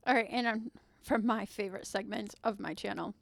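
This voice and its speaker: A woman hosting her own channel, retelling stories in a chatty, animated way full of rambling asides and self-corrections. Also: medium pitch, a little fast, gravelly, no echo, clean studio sound. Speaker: channel host. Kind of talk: chatty storytelling vlog.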